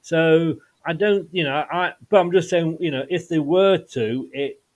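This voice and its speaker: A man's voice: on the high side, measured pace, darkish tone. A man hosting a football fan channel, chatting casually and rambling through restarts. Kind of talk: casual football podcast chat.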